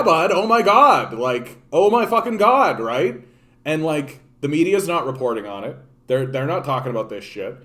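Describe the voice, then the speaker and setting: Profane ranting man, restless delivery. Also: mid-range voice. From Canada. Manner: profane, animated, repeats and restarts words. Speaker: political livestream host. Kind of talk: casual ranting commentary.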